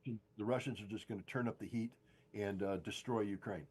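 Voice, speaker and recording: An older man gives emphatic political commentary, driving his points home by repeating them. His voice is low and husky, with a dark, mellow tone. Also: fairly even intonation, moderate pace. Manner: emphatic, insistent, repeats key phrases. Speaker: guest analyst. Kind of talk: political commentary on a podcast stream.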